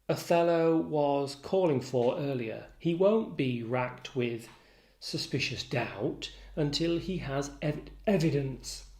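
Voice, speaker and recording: A man teaching literature, giving a deliberate, analytical explanation in a recorded lesson. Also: on the high side, a little mellow. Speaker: literature tutor.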